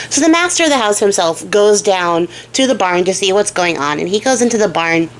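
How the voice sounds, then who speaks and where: A young woman retells an old fairy tale in a chatty, slangy style, dropping in swears and side comments to her viewers. Her voice sits at a middle pitch. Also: expressive, brisk, few pauses, a little hiss or hum. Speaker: storyteller and craft vlogger. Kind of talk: casual storytelling.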